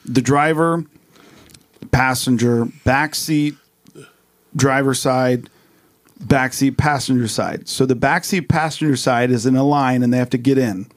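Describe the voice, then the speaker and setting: A middle-aged man co-hosting a podcast, telling rambling stories in casual chat and getting animated when he quotes people. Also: medium pitch, measured pace. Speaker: podcast co-host.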